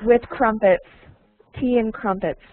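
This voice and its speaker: A woman's voice: fairly high pitch, fairly even intonation, unhurried, no echo. A woman teaching an online English lesson to a small group, patiently repeating and modeling phrases and laughing often. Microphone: computer mic on a video call. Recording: tinny online call line.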